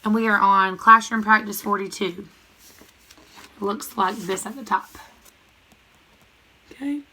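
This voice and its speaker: A woman teacher leading a recorded grammar lesson, calling out each word and its part of speech in a steady call-and-response rhythm. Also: medium pitch, a little slow, slight background noise.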